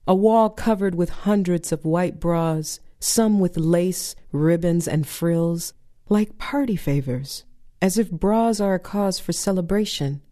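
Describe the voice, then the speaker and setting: Woman poet doing spoken word, low mellow voice, dry and sardonic. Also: takes it slowly. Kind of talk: spoken-word poetry performance.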